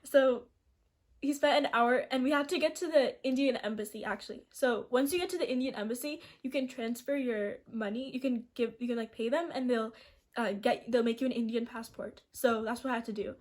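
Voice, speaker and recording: A woman's voice: fairly high pitch, a little fast, darkish tone. A young woman in her late teens telling a storytime vlog, chatty and rambling, with lots of "like" and restarts, often laughing as she goes. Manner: chatty and rambling, heavy use of "like", frequent restarts. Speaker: vlogger.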